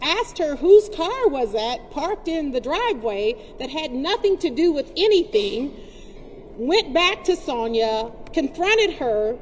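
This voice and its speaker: Woman advocate, high register, impassioned press-conference address, reverberant capture. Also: big pitch swings, slow pace. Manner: forceful, indignant, repeating points for emphasis. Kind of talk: impassioned public speech. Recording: long reverb, faint background noise.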